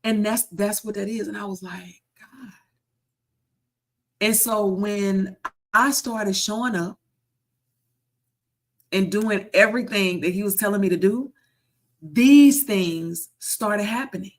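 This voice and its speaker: Emphatic woman telling a story. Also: medium pitch. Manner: emphatic, repeats phrases for effect, slows into preacher-like cadence. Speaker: content creator and online group founder. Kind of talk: casual storytelling vlog.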